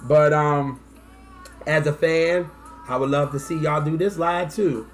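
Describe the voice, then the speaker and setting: Male fan vlogger, casual and slangy, excitable delivery, voice sitting a bit high. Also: measured pace, faint music behind. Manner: excitable and slangy, with bursts of whoops and laughter.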